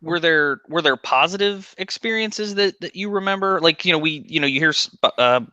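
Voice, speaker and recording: Very bright male host, dry lo-fi sound. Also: on the high side, moderate pace, clean tone, no echo. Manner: chatty, filler-heavy with "like". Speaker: podcast host. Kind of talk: casual commentary chat. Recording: dry, slightly dull lo-fi sound.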